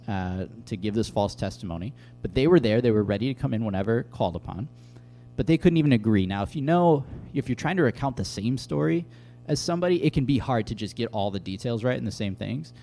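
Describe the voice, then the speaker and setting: A young adult man giving a casual, conversational bible teaching, telling stories with lively asides. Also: mid-range voice, brisk, soft background music. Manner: conversational, animated storytelling with asides.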